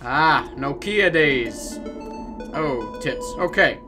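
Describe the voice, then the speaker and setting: A young man hosting a let's play, chatting and reading game text aloud with quick asides. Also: fairly high pitch, lively intonation, over music. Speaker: gaming video host.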